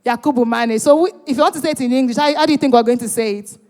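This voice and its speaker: A woman's voice: on the high side, rapid-fire. A woman hosting a live event, bantering with and teasing the audience and urging them to join in. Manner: animated, teasing, urging the crowd. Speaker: event host. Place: large event hall. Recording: reverberant hall.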